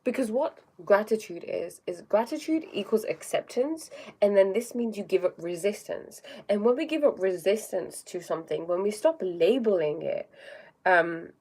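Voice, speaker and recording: A woman's voice: medium pitch, animated, moderate pace, darkish tone, breathy edge. A woman hosting a spiritual livestream in a casual talking style. She often tags her sentences with "okay?" and greets viewers by name between points. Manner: reads viewer comments aloud and greets them.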